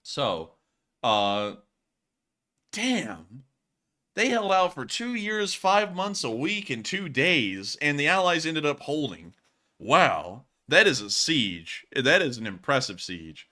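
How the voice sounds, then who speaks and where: Bright-voiced man hosting a live stream. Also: fairly high pitch, very animated, slow pace. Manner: laughs often, loose joking banter. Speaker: host of a war news stream. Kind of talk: casual live-stream chat answering viewer questions.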